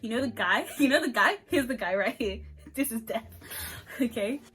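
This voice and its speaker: A young woman telling a funny story to camera, animated and laughing often, acting out the voices. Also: fairly high pitch, normal speed, husky, poor audio.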